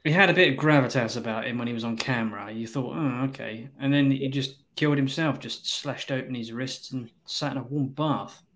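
Man, mid-pitched, casual film chat, blunt, dry crude humour, hesitant. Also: fairly quick, few pauses, fairly bright tone.

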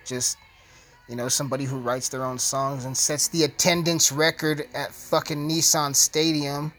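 A man's voice: fairly high pitch, level tone, normal speed, fairly bright tone. A man hosting his podcast, ranting in a heated, profane, casual way. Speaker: podcast host.

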